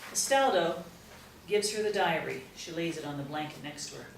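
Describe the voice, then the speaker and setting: Reading stage directions at a screenplay table read, a woman narrates crisply and matter-of-factly, yet expressively, at normal speed. Her voice is low for a woman, and she sounds distant in a roomy space with a faint hiss beneath.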